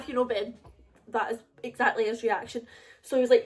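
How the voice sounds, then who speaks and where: A woman's voice: fairly high pitch, steady tone, brisk. A woman in her twenties with a Scottish accent, chatting in a casual storytime vlog, confiding and filler-heavy. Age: 20s. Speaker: vlogger.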